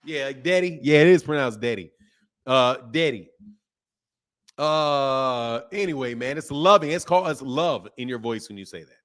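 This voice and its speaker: A man hosting a boxing channel, chatting casually and reading viewer comments aloud, animated and emphatic with slangy talk and frequent laughs. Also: mid-range voice, normal speed.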